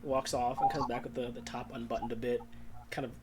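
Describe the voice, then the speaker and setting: A man narrating a tabletop game as game master, lively and quick. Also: medium pitch, over music.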